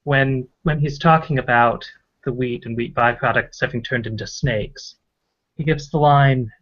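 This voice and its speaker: A man on a podcast panel in a casual chat, hedging in a measured way and thinking aloud. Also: mid-range voice, steady tone, a bit bright. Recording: dull lo-fi podcast audio.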